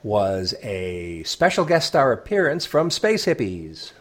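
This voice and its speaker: A man with a fairly low voice talks casually as a podcast co-host. He is opinionated and dry, dropping deadpan asides and sometimes stumbling through restarts. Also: slow pace. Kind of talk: casual chat.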